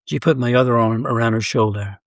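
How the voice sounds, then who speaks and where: A man narrates a first-person short story in a measured, steady way. His voice sits at a middling pitch. The recording is close and dry, with no room sound. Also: no room sound. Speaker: story reader.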